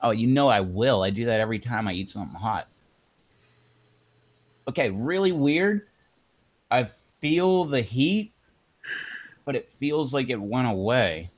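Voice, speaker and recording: A man's voice: mid-range voice, expressive, measured pace, long pauses, lo-fi sound. A man hosting a casual livestream, chatting and chuckling as he eats spicy chips with watering eyes. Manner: laid-back, chuckling while eating spicy chips. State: eyes watering from hot spice. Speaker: livestream host.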